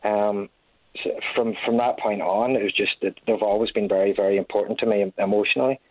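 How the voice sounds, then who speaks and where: A Scottish man in his thirties, a guest in a casual interview, talking haltingly with many restarts. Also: fairly low pitch, steady tone, dry recording. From Scotland. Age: 30s. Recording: tinny phone-like line.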